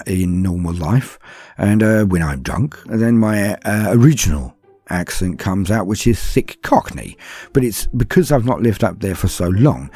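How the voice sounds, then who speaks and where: A man's voice: low voice, mellow, breathy edge. A man from southern England with a BBC English accent, answering patron questions in a chatty, self-deprecating way with rambling asides. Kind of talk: casual podcast Q&A.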